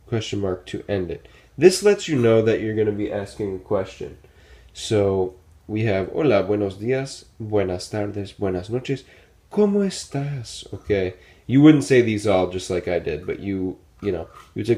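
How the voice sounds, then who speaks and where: A man with a fairly low voice teaches a relaxed classroom lesson. He repeats phrases patiently and keeps checking understanding with quick "right?" and "okay?" asides. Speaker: Spanish teacher.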